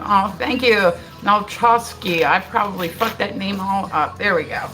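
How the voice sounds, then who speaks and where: A woman's voice: medium pitch, measured pace, sharp tone. A middle-aged woman, chatting casually and swearing freely on a livestream while she bakes at home. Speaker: livestream host. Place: home kitchen. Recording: roomy echo, mic at a distance. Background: music playing.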